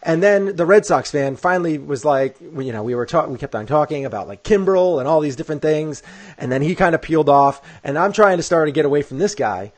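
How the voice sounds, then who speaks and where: New guy hosting a sports chat, tells stories animatedly, restarts a lot, slightly high voice. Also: a little fast, rough recording. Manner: animated storytelling with lots of restarts. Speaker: podcast host.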